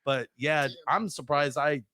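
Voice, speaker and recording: A man's voice: on the high side, a little slow, dry recording. Profane storytelling man, dry close mic. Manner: profane, animated storyteller with sound effects. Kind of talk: casual storytelling.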